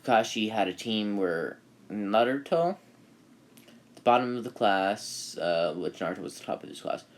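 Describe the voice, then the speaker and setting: A man's voice: fairly low pitch, lively intonation, moderate pace. A man who makes anime videos, telling a made-up story in a casual, rambling way, with many fillers and self-corrections.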